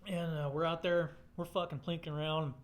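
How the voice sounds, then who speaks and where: A man's voice: a little high, flat delivery, a little fast. A man telling a rambling personal story in casual, profane, blunt speech.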